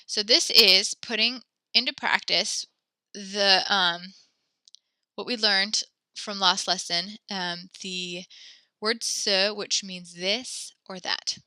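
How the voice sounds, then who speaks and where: A woman teaches French to a class over a computer mic, encouraging her students and spelling out verb forms one at a time. Her voice is very bright and sits in the middle of the range for a woman. The sound is dry and close, with keyboard clicks now and then. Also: medium pitch, steady tone, slow, smooth, no room sound. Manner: encouraging, praises students often; walks through conjugations step by step.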